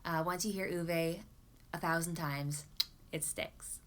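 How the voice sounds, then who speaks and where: Canadian-born young woman chatting about books, rambly and lively, mid-pitch voice. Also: a little slow. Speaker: book vlogger. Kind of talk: casual chat.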